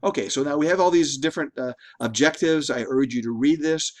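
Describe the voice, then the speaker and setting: A middle-aged statistics instructor gives a recorded, conversational lecture, often repeating and restarting words. His voice is fairly high and fairly quick.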